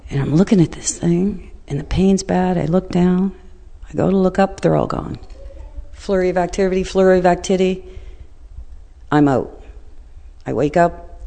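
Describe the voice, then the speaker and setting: A middle-aged woman telling a personal story in a blunt, colloquial, animated way. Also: sits low, long reverb tail.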